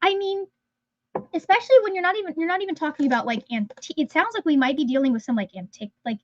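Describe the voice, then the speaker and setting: A high-pitched woman chats casually as a livestream host, rambling and restarting her sentences as she goes. Her voice is dry and close, with a slightly dull, lo-fi sound. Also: fast talker, no room sound. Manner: rambling, chatty, trails off mid-sentence. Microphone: phone.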